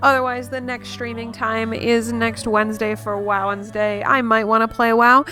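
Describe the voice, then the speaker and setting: A woman's voice: on the high side, flat delivery, moderate pace. A woman streaming a video game, chatting casually and playfully musing aloud as she plays. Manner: playful, musing aloud, repeating words to test them. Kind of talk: casual livestream chat over gameplay. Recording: game music under the voice. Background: game music.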